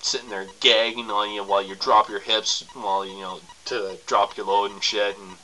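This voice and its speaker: Crude joking young man, bright voice. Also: fairly low pitch, level tone, moderate pace, poor audio. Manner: crude, joking, rambling with frequent coughs and laughs. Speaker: vlogger giving sex tips. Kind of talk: casual to-camera advice.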